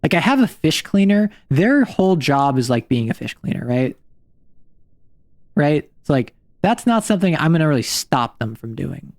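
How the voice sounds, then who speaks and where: A man streaming a game, talking casually and rambling as he thinks aloud. His voice sits a little high and jumps in pitch, recorded on a dry, close desk mic. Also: sing-song, moderate pace, a little mellow, no echo. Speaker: vtuber streamer. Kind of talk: casual livestream commentary while playing.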